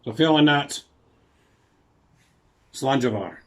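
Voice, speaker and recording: A man's voice: medium pitch, expressive, takes it slowly. A man with a Scottish accent, chatting casually about his classic car projects in his garage and telling rambling anecdotes. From Scotland. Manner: chatty storytelling, rambling asides. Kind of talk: casual walkaround narration.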